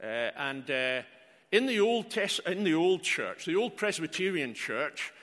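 A man's voice: a little high, big pitch swings, unhurried, fairly bright tone. An older man preaching a sermon, earnest, with rhetorical questions and frequent hesitant fillers. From outside Australia. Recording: reverberant hall.

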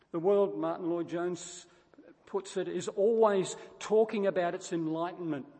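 A man with a notably high-pitched voice delivers a sermon, pressing each point with emphatic repetition and frequent stumbling restarts. His voice rings out with a long reverb tail, as if in a large hall. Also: darkish tone. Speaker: preacher.

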